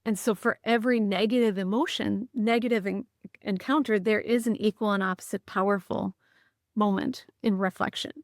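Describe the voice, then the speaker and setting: A woman's voice: medium pitch, steady tone, moderate pace, no echo, clean studio sound. A woman, a podcast guest earnestly recounting stories with frequent restarts. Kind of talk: conversational storytelling.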